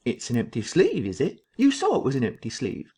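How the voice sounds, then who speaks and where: A man's voice: medium pitch, huge pitch swings, brisk, dark tone, slightly rough. A man voicing a sinister bandaged stranger who speaks in a clipped, cold way. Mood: menacing.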